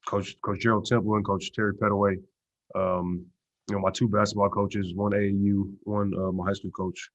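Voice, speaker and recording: A football player answering press questions in a relaxed, low-key way, with lots of "you know" and "uh" fillers. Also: male voice. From Texas. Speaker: pro football player at media day. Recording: dull lo-fi stream audio.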